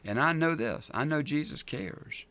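A middle-aged male pastor preaching a sermon, telling the story in an animated, emphatic way. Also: a little high, a little slow.

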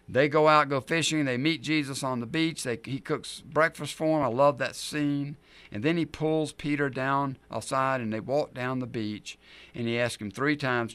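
Bright-voiced, emphatic male preacher. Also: mid-range voice, normal speed, clean tone. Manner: animated storytelling, emphatic. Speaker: pastor. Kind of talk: sermon.

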